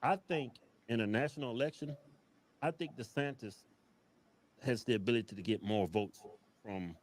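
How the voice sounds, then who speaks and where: A man's voice: mid-range voice, normal speed. A man co-hosting a casual political chat who laughs a lot and keeps pushing to make his point. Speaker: co-host.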